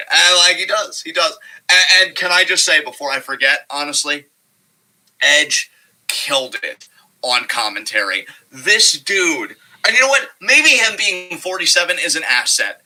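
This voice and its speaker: A man co-hosting a wrestling review show, chatting casually, excitable and profane, often breaking into laughter. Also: fairly high pitch, a little slow, rough recording. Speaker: podcast co-host.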